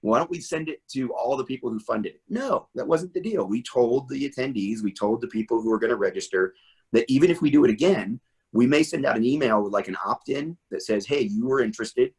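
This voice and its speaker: A man's voice: medium pitch, fairly quick, darkish tone, breathy edge, low-quality recording. A middle-aged man talking animatedly as an interview guest, full of asides and rhetorical questions. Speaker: interview guest, firearms trainer.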